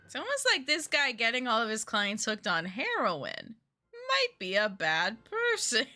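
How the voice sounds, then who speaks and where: A woman's voice: a little high, huge pitch swings, unhurried, bright, forceful tone. A woman giving casual, jokey commentary while streaming a game, chatty with rambling asides. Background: game music.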